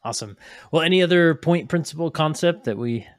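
A man's voice: fairly high pitch, lively intonation, fairly quick, no room sound, clean studio sound. A man hosting a podcast interview, encouraging his guest with short affirming replies. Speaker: podcast host. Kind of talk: conversational interview.

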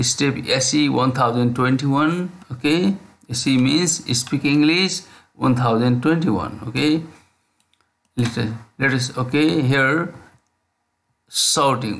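A man with a mid-range, fairly bright voice and some vocal fry teaches a slow spoken English lesson. He drills phrases slowly and repetitively, checking in with "okay?" after nearly every line.

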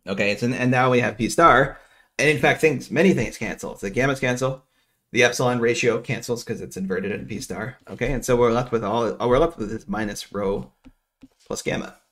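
A man's voice: medium pitch, brisk, a bit bright. A middle-aged man from New Jersey giving a casual economics lecture, working through equations aloud with rambling asides and frequent self-interruptions.

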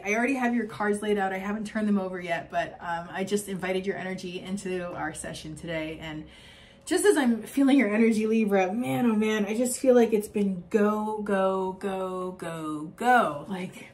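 A woman's voice: mid-range voice, normal speed, darkish tone. A young adult woman giving a spiritual oracle card reading, talking in an effusive, rambling way with many fillers and frequent laughs.

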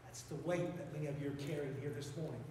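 A man's voice: on the high side, steady tone, quick pace, mellow, far from the mic, a little hiss or hum. A man with an Appalachian accent preaching a sermon as pastor, with fervent, repetitive exhortations. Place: church sanctuary. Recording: echoey church hall, mic from afar.

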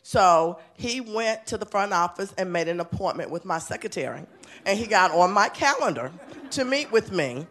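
A woman's voice: medium pitch, lively intonation, moderate pace, fairly bright tone. A woman school principal giving an enthusiastic, chatty award speech at a city council meeting. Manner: enthusiastic, chatty, laughing often.

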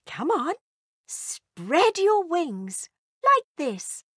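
A woman voicing a kind, protective mother dragon in a storybook reading, with slow, motherly coaxing. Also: very high voice, very animated, a bit bright, no room sound, clean studio sound, voice pushed up, full character voice.

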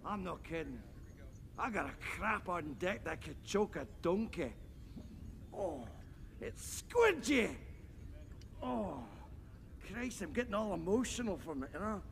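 Fat Bastard, gravelly Scottish glutton. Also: male voice, high voice, expressive, measured pace, pauses often, in a large hall, slight background noise, exaggerated voice. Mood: crude. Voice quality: gravelly, crude and bellowing. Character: obese crude gluttonous Scottish henchman, man. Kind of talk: film comedy acting.

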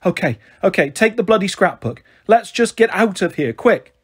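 A brisk, frazzled young mother on the run, her voice husky and pitched a little high, as a man reads her part. She talks in quick, clipped snaps. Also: lively intonation. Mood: exasperated. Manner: brisk, snapping.

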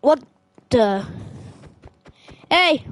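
Excitable woman gaming. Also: high voice, extremely slow, dry recording. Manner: excitable, yelps and exclaims while playing. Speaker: gaming streamer. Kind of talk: casual gameplay commentary.

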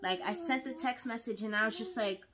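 A young adult woman telling a storytime to her viewers in casual chat, animated and dramatic, acting out her own quotes. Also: on the high side, fairly quick, over a noisy crowd.

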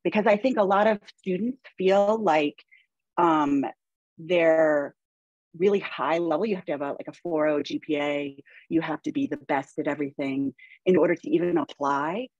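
Woman chemistry lecturer, panel speaker, husky, dry close sound, chatty with fillers. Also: low-pitched, moderate pace, darkish tone, no room sound, muffled recording. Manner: conversational, many fillers and restarts, quotes herself. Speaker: chemistry instructor. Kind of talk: panel discussion, anecdotal.

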